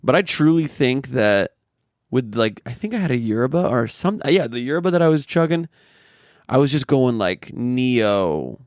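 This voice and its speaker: A man's voice: mid-range voice, big pitch swings, a little slow, a little mellow, no echo, studio quality. Rambling jokey man co-hosting. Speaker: podcast co-host. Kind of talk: casual chat.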